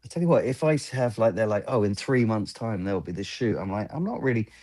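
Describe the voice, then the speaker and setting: A man's voice: fairly low pitch, fast, a little mellow. A man in his fifties, a film lighting gaffer, chatting in an interview and rambling through anecdotes while acting out the exchanges he recalls. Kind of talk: casual interview storytelling.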